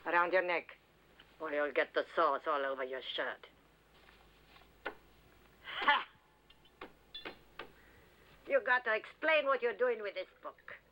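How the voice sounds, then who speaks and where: An actress playing a sharp-tongued older mother who nags and scolds her grown son, in a dubbed film. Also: on the high side, a little hiss or hum, full character voice, rough recording. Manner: nagging, scolding.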